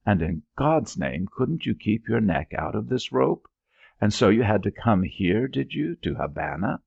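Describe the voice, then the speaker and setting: A man's voice: fairly low pitch, very animated, measured pace, creaky, husky, dry recording, dull audio, full character voice. A man voicing a weary, scolding old widowed landlady who nags sharply. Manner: nagging, sharp-tongued.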